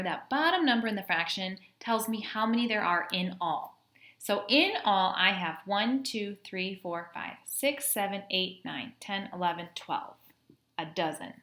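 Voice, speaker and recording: A woman's voice: mid-range voice, pushed and bright. A woman teacher patiently walking students through a math lesson, counting aloud step by step. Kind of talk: classroom math lesson video. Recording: echoey room.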